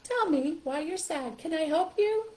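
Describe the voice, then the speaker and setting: Gentle comforting soft toy, as a woman puts it on, high, tender, hushed, warm tone. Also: animated, measured pace.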